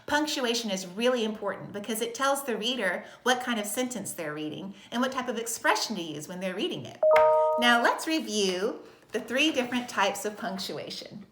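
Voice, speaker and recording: A woman teaching a recorded kindergarten lesson in a slow, sing-song voice with exaggerated expression. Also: a little high, lively intonation, roomy sound, noisy background. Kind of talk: recorded video lesson for young children.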